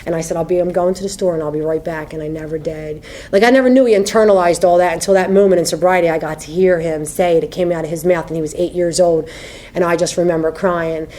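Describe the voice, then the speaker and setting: A woman's voice: lowish voice, fairly even intonation, fast, dark tone. A woman in her thirties telling her recovery story at a meeting, candid and conversational, often adding "you know what I mean". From United States. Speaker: AA speaker sharing her story.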